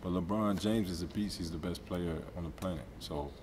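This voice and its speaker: A man's voice: sits low, a little fast. A man, a basketball camp organizer, trading teasing banter in an interview and talking over his partner. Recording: echoey hall with steady background noise.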